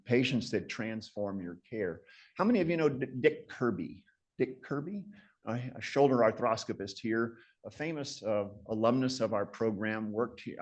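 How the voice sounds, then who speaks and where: A man in his sixties giving a conversational lecture as a guest surgeon, telling stories in a self-deprecating, reflective way. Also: lowish voice.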